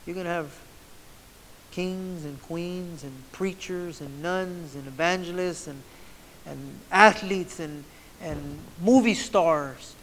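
High-voiced fervent preacher in a reverberant hall. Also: male voice, slow, a bit bright, slight background noise. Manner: fervent, repetitive, restarts mid-phrase. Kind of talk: sermon.

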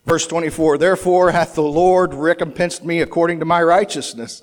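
Guy preaching through bible verses, kinda high voice, talks it out loose with lots of rhetorical questions. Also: moderate pace, few pauses. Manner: conversational preaching with frequent restarts and rhetorical questions. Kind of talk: sermon, verse-by-verse Bible teaching.

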